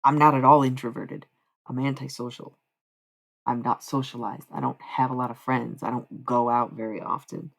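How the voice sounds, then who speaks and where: A woman's voice: a bass voice, steady tone, moderate pace, gravelly. A woman livestreaming in casual chat, talking candidly with frequent profanity and self-mocking humor.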